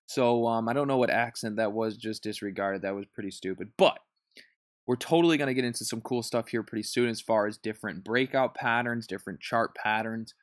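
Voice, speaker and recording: A man's voice: on the low side, brisk, no room sound. Man, trading tutor, casual chart walkthrough, dry close sound. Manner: loose and chatty, often checks in with "right?". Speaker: stock trading instructor. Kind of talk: casual screen-share chart lesson.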